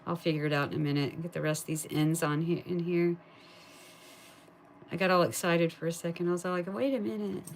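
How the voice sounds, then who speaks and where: A woman chatting casually on a live stream, thinking aloud and talking to her viewers, turning loud and excited at a win and cooing to her pet. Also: on the low side, fairly quick, slight background noise. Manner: gets excited and loud at wins. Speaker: live streamer scratching lottery tickets.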